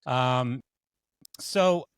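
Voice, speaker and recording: A man's voice: medium pitch, very slow, clear, resonant tone, no room sound. A Canadian man hosting a podcast interview, telling long stories in a casual, rambling way full of fillers and restarts. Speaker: podcast host.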